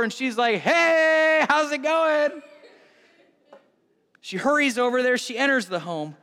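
A man preaching a sermon as pastor, telling the story with lively, animated acting-out of scenes. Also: high voice, long reverb tail.

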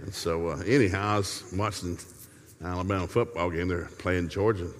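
A man's voice: low voice, fairly even intonation, brisk, big-room sound. A middle-aged man preaching a humorous sermon in a folksy, joking way, telling stories from his family life.

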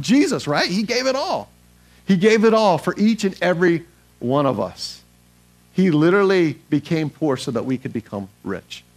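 A male pastor preaching a sermon, emphatic, putting questions to the congregation and repeating phrases for stress. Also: medium pitch. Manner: asks the congregation questions and answers them himself.

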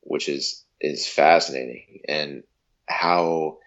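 A man in his thirties from the United States, a guest on an interview show, telling a story in a casual, lively way and acting out quotes. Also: very deep voice, slow pace, highs cut off. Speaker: guest, handball athlete.

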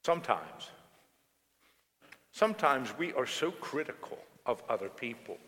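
A man's voice: mid-range voice, very animated, moderate pace, fairly bright tone. A man who is a pastor, giving a conversational, storytelling sermon in a church. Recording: long church reverb.

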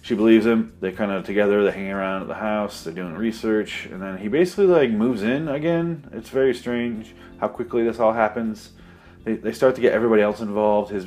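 A man with a very low voice rambles through a movie recap, full of sarcasm and swearing. He drifts into asides and mock voices as he goes. Faint music plays quietly underneath. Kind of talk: comedic movie recap monologue.

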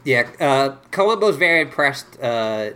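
A man's voice: mid-range voice, measured pace, clean tone. A man co-hosting a podcast, chatting about a TV episode and mimicking the characters. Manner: relaxed, mimics characters in quoted asides. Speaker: podcast co-host. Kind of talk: casual chat recapping an episode.

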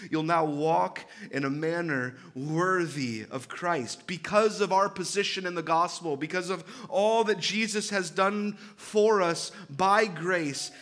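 Bright, emphatic preaching man. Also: high-pitched, takes it slowly, few pauses. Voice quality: repeats and restarts phrases. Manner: earnest, emphatic preaching with conversational asides. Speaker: pastor. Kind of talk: sermon.

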